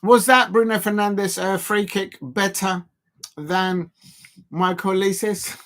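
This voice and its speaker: During a casual live-stream football watch-along, this man works out with weights, chatting at length and laughing often. He speaks slowly in a high voice with a fairly bright tone and fairly even intonation.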